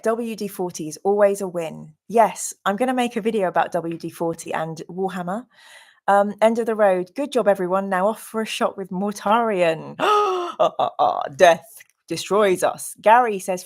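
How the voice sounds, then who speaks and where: A woman hosting a live game stream, gushingly thanking viewers and reading out their comments. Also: medium pitch.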